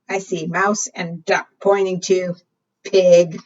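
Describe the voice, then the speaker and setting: A woman librarian reading a picture book to preschool children, animated, asking them questions and singing along. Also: lowish voice, slow. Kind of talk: preschool storytime read-aloud. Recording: distant, dull lo-fi sound.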